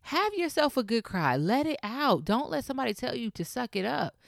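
A woman's voice: fairly high pitch, sing-song, fairly quick, creaky, no room sound, clean studio sound. A young woman hosting a solo podcast, talking casually and emphatically as she encourages her listeners. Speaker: podcast host.

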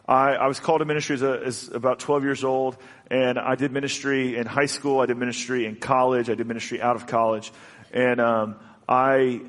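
A man preaching a sermon in an earnest, halting way, often restarting his sentences. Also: mid-range voice, a bit bright. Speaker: pastor. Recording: long hall reverb.

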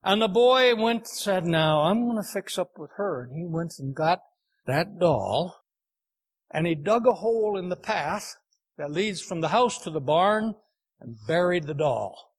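A man preaching a sermon, telling a folksy farm story in an unhurried, homespun way. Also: high voice, lively intonation.

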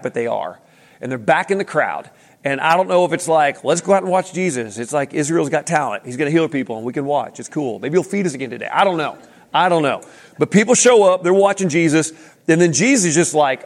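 A man's voice: a little high, gravelly. Casual preacher man in a big hall. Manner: casual and animated, with slang and restarts. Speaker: pastor. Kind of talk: sermon. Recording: long hall reverb.

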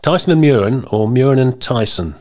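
A man's voice: medium pitch, expressive, a little fast, a little mellow. A man in his fifties hosting a football podcast, chatty and teasing, often chuckling while reading listener messages. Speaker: podcast host.

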